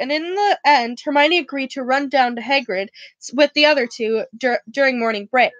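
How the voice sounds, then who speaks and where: A woman's voice: high-pitched, a bit bright, dry recording. A young woman reading a novel aloud, often stumbling and correcting herself. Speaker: reader.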